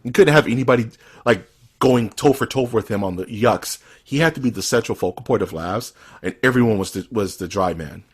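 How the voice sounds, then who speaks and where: A man co-hosting a casual podcast, talking in an animated, joking way and often breaking into laughter. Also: on the low side, brisk, slightly rough. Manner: animated, laughing, says dude and dog a lot. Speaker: podcast co-host.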